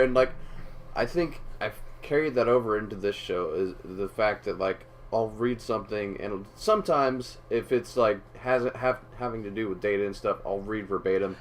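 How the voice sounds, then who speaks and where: A man co-hosting a podcast in casual chat, telling stories in a relaxed way and swearing casually. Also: on the low side, a little hiss or hum. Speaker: podcast co-host.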